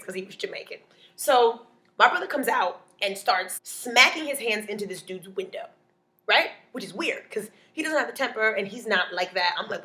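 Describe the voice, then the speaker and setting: A woman, a comedian telling a stand-up story in a playful, animated way, acting out other people's voices. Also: medium pitch, brisk.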